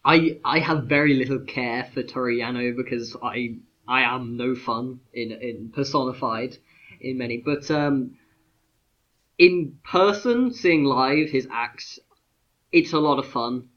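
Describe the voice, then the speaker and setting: A man's voice: mid-range voice, unhurried, fairly bright tone. Rambling man, lo-fi sound. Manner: rambling, many fillers and restarts. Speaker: podcast co-host. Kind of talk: casual chat.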